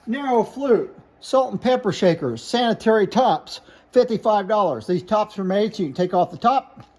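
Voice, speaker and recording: A man with a high, somewhat dark voice speaks animatedly at a moderate pace. He shows glass pieces for sale, listing their names, flaws and prices in a plain, matter-of-fact way.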